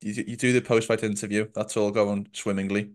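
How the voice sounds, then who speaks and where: A man's voice: fairly low pitch, level tone, a little fast. A man hosting an interview, friendly and attentive, asking long questions and murmuring agreement. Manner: friendly, attentive, many short murmured acknowledgements. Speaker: interview host.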